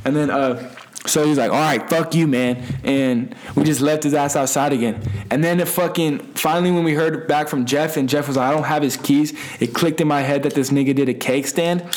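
A young man with a slightly high voice tells a wild party story in loose, profane slang. He rambles, restarts his sentences and laughs at his own tale. The delivery is casual and unpolished. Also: fairly even intonation, brisk, a little mellow. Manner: laughs while telling. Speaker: guest storyteller.

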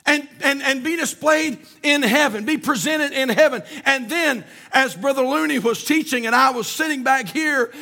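Fiery high-voiced male preacher, gravelly. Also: normal speed, few pauses. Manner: fiery, shouting preaching with a singsong cadence. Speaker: pastor. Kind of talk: sermon.

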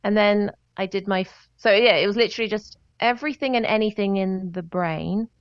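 A woman's voice: medium pitch, fairly quick, no echo, muffled recording. A woman, a singer and vocal coach, chatting animatedly as a guest, often slipping into voices and laughter. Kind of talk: casual interview storytelling.

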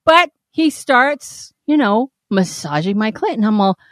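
Brief: woman, podcast co-host, candid storyteller, very lively pitch, dry close sound. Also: a little slow, no echo. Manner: animated storyteller, swoops up when quoting; laughs often. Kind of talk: candid casual chat.

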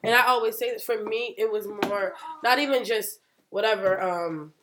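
A woman's voice: mid-range voice, moderate pace, crowd noise. A woman from New Jersey talking candidly and emphatically in a casual podcast chat, speaking in long runs as a mother.

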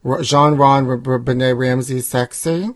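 A man's voice: medium pitch, fairly even intonation, normal speed, no echo. Theatrical campy man, dry close sound. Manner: flamboyant and theatrical, fond of saying "honey". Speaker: co-host. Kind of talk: campy comedic banter.

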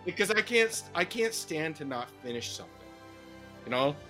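A middle-aged man with a fairly high voice rants about games on a podcast. He is animated and swears freely, talking close to a studio mic with soft music underneath. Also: normal speed. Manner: animated, profane ranting. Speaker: podcast co-host. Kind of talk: casual gaming podcast chat.

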